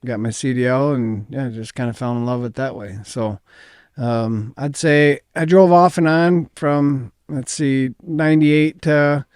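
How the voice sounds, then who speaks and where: A middle-aged Midwestern American man speaks in a smooth, resonant voice. He answers interview questions modestly, with plenty of pauses and ums. The recording is dry and close. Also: medium pitch, darkish tone, dry recording. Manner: modest, hesitant, many ums. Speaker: company founder, interview guest. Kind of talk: casual interview talk.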